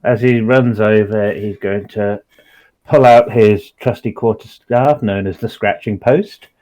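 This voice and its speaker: A man's voice: lowish voice, a little slow, darkish tone. A man playing a tabletop game, describing what his character does in a hesitant way with many fillers. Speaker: player.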